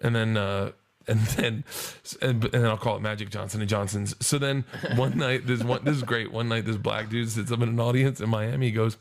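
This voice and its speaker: A man's voice: lowish voice, fairly even intonation, fairly quick, gravelly. A man in his forties trades stories in a loose podcast chat. He talks with a comic's drive, swears freely and bursts into other people's voices as he acts out scenes from his shows. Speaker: stand-up comedian guest. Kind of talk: casual podcast storytelling.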